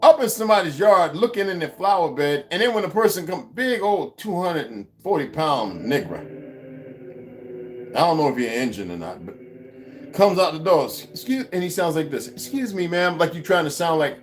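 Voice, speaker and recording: Speaking fairly quickly over a little hiss or hum, a man from the United States goes on a profane vlog rant. He's heated, swearing and mocking, his pitch swinging lively.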